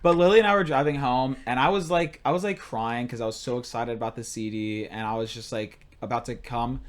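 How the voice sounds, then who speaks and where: A young man co-hosting a podcast, telling stories in casual chat, excitable and rambling. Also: medium pitch, a little fast. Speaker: podcast co-host.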